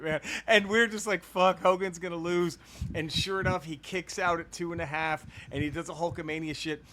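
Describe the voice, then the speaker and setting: Co-host, male, bright high voice, animated and profane storyteller. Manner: animated, profane, laughs through stories. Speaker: podcast co-host. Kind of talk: casual storytelling.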